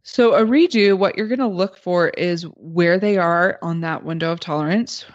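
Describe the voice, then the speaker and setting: A woman's voice: fairly low pitch, moderate pace, no room sound, muffled recording. A woman explaining child behaviour strategies in a casual podcast discussion, in a patient coaching tone. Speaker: parenting expert guest.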